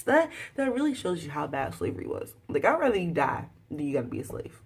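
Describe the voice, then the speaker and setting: A woman recapping a TV episode in a casual, slangy way, talking straight to her viewers and breaking into loud exclaiming at times. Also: fairly low pitch, lively intonation, quick pace, hardly any pauses, slightly rough. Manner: chatty, slangy, addresses viewers directly. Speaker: TV episode reviewer.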